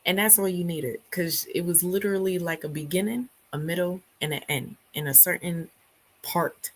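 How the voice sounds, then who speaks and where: A woman's voice: on the low side, normal speed, rough recording. A young woman hosting a book club livestream, chatting casually and reading viewer comments, her voice still not fully back after laryngitis. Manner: chatty, laughs often, acts out quotes.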